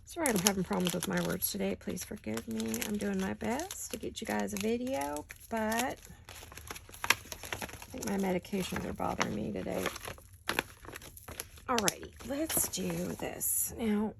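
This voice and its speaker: A woman hosting a casual craft-along, thinking aloud as she works at her desk and often dropping into soft, muttered asides. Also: mid-range voice, moderate pace, gravelly, heavy background noise. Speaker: crafting channel host.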